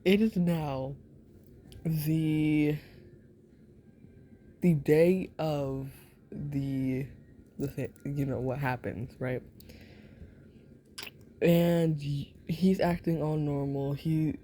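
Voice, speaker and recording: A woman's voice: low-pitched, fairly even intonation, very slow, pauses often, dark tone, a little hiss or hum. A woman telling a story in a whispered role-play, rambling and giggly, with many fillers and asides. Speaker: ASMR storyteller.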